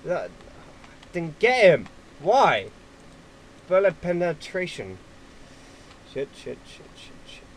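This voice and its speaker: A man giving casual gameplay commentary at his computer, excitable and quick to swear at opponents. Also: on the high side, poor audio. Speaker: gaming YouTuber.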